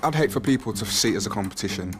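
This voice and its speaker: A man tells stories with a swagger, relaxed and sure of himself. His voice is very low, and music runs behind him. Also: rapid-fire. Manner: cocky, laid-back storytelling. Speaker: interviewee, pop singer. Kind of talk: interview anecdotes.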